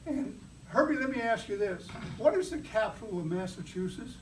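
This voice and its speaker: A man with a high voice delivers a humorous club speech, teasing his listeners with playful examples. He sounds roomy and set back from the mic, with faint noise behind him. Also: animated, normal speed, distant mic. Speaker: club speaker. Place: meeting room.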